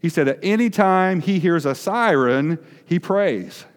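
Long hall reverb surrounds a man whose high-pitched, expressive voice moves a little slowly. His sermon is conversational and chatty, quizzing the congregation and mixing in self-deprecating asides.

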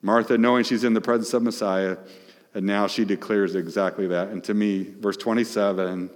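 A man's voice: fairly low pitch, fairly even intonation, moderate pace. Man preaching in a reverberant hall. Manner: questions the audience, emphatic, swings between loud and hushed. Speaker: pastor. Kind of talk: sermon.

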